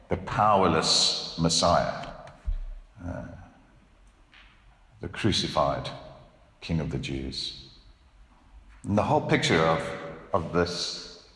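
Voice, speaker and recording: Lively, low-voiced man preaching in a hall. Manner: earnest, emphatic preaching with rhetorical questions. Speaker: pastor. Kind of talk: sermon. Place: church.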